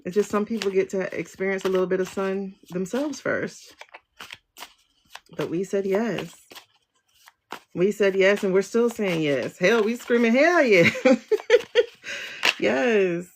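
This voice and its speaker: A woman's voice: medium pitch, measured pace, slight background noise. A woman hosting a live tarot reading, talking to her viewers in an emotional, exclamatory way over a phone livestream.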